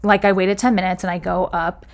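A woman's voice: fairly low pitch, flat delivery, brisk. A young woman casually telling a personal story, filling it with "like" and acting out what people said. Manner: chatty, full of "like" fillers, acts out quoted dialogue.

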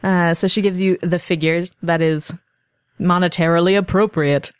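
A woman narrating as game master of a tabletop game, animated and hesitant with many fillers. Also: lowish voice, moderate pace, smooth, no echo.

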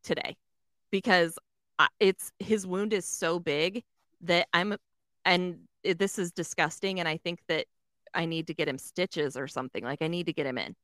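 A woman's voice: fairly low pitch, moderate pace, fairly bright tone, no room sound, studio quality. A woman telling a story in casual chat, swearing often, filling with "like" and acting out the other voices. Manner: swears a lot, fills with "like", acts out voices.

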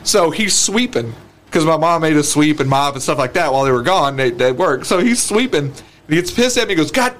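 A man's voice: fairly high pitch, animated, brisk, a bit bright, rough recording. A man co-hosting a podcast, telling family stories in casual chat, laughing often and acting out quotes. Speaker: podcast co-host.

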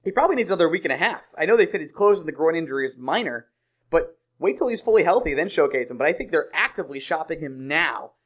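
A man's voice: a little high, animated, fast, fairly bright tone. A young man co-hosting a sports podcast in casual chat, joking and laughing through the banter. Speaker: podcast co-host.

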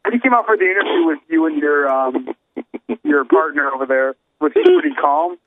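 A man co-hosting a casual comedy podcast, telling stories in an animated way and laughing often. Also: fairly high pitch, a little fast, phone-quality sound. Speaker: podcast co-host. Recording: clear background noise.

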